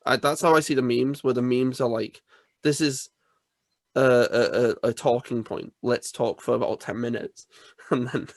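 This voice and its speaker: A man's voice: mid-range voice, steady tone, normal speed, no room sound, clean studio sound. A young man co-hosting a podcast in casual chat, who stammers and laughs often. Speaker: podcast co-host.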